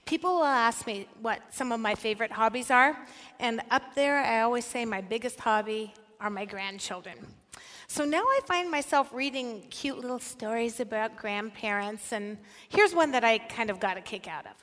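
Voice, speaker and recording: A woman's voice: fairly high pitch, moderate pace. Older woman preaching in a hall. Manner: animated storyteller, puts direct questions to the audience. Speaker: speaker at a Christian women's gathering. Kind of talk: sermon-style talk. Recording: echoey hall.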